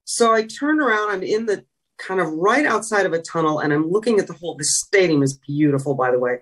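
Husky woman recalling, a little off-mic. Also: lowish voice, animated, a little fast, recorded from a distance. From California. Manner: reflective, emotional storytelling. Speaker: guest, retired sideline reporter. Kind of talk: conversational interview.

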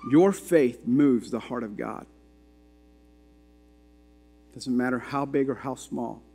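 Speaking slowly in a creaky, mellow, medium-pitched voice, a man preaches to his congregation, narrating a story and posing emphatic questions. The setting is a church sanctuary with long hall reverb, captured through a handheld or stand microphone.

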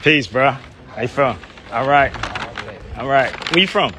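A man's voice: mid-range voice, unhurried, noisy background. A man with an American accent talking in a loose, slangy, chatty way while vlogging on a city street into a phone. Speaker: travel vlogger. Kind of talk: casual street vlog. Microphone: phone camera.

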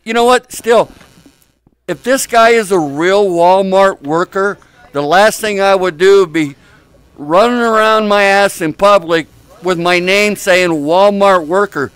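Smooth-voiced man teasing VR strangers. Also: high-pitched, a little slow, a bit bright, no echo. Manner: teasing, crude banter with strangers. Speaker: VR chat YouTuber. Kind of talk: casual joking commentary. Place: social VR game room.

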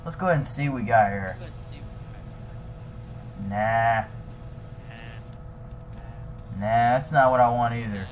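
A young man voicing his own character in a fan-made game drama, excitable and swinging between shouting and nervous mumbling. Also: mid-range voice, normal speed, low-quality recording. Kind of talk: improvised fan machinima dialogue.

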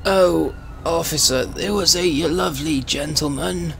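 A man voicing a tired, confused old British gentleman with a strained throaty voice, slow and genteel in a game role-play. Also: fairly high pitch, vocal fry, slight background noise, voice pushed up. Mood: polite, befuddled. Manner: slow, genteel, addresses officers formally.

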